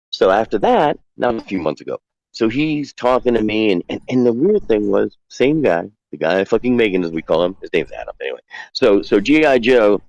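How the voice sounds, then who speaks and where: Man, very low voice, dry close sound, rambling casual storytelling, acts out quotes. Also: darkish tone, no room sound, poor audio. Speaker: guest calling in.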